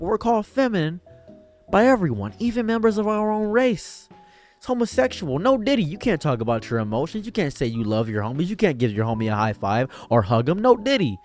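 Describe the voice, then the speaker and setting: Fiery, animated male commentator. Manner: emphatic, swings from raised outbursts to quiet low lines. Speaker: online commentator and streamer. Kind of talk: impassioned commentary monologue.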